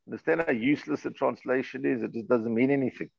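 A man teaching a Torah class online, explaining texts and chanting Hebrew verses slowly with Yiddish terms. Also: mid-range voice, vocal fry, darkish tone, no room sound, dull audio. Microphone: computer mic, online class.

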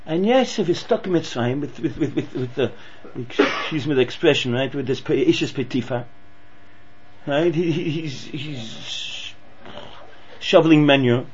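A man giving an excitable Torah lesson, often repeating and restarting words, on a dull lo-fi recording with hum. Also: mid-range voice, measured pace. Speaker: Torah teacher.

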